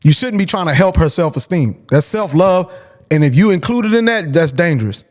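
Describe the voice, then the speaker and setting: A man's voice: high-pitched, expressive, normal speed, a little mellow. A man hosting a call-in show, talking casually and bluntly, repeating his points for emphasis. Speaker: host.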